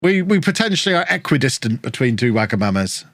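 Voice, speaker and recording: A man live-streaming a football management game, chatting with viewers and reacting excitedly to the match. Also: medium pitch, fast talker, dry recording, clean studio sound. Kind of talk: casual live-stream commentary.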